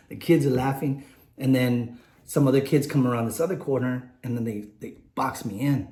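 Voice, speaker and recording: In a warm indoor room, a man in his late forties tells a personal story on his vlog, rambling candidly with lots of fillers and restarts. His medium-pitched voice is steady and warm, at normal speed, and the room is echoey.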